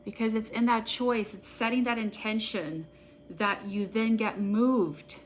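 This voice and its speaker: A woman practitioner guiding an EFT tapping session, speaking in an earnest, gentle, affirming way. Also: fairly high pitch, fairly even intonation, unhurried, slight background noise.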